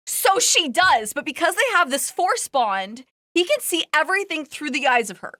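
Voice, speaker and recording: A woman streamer rambling through a story in casual chat, full of fillers and laughter. Her voice sits high and sounds bright, recorded close and dry. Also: very animated, normal speed, hardly any pauses, dry recording. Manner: laughs as she talks.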